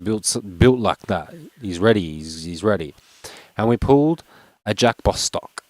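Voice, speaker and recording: Young aussie bloke rambling n joking while opening cards, dry close sound. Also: male voice, fairly low pitch, lively intonation, a little slow, darkish tone, no room sound. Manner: rambling, joking, self-mocking. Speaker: card-opening vlogger. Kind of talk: casual unboxing chat.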